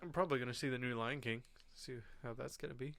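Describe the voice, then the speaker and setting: A man's voice: medium pitch, fast talker, creaky, a bit bright, dry recording. A man co-hosting a podcast in casual chat, laughing while he retells movie scenes. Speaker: podcast co-host.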